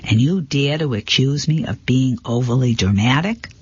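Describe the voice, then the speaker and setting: A man with a husky voice reading the lines of a proud, dramatic male gallery owner in a storybook. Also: mid-range voice, lively intonation, normal speed, no echo. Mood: indignant. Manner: emphatic, indignant delivery. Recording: dull lo-fi recording.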